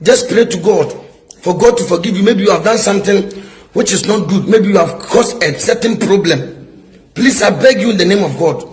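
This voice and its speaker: A man's voice: high voice, animated, normal speed, poor audio. A man delivers a preaching-style rebuke, pressing his points again and again. He asks his listeners whether they get his point and repeats himself for emphasis. He sounds middle-aged. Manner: emphatic, repetitive, asks "is somebody getting my point?". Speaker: prophet.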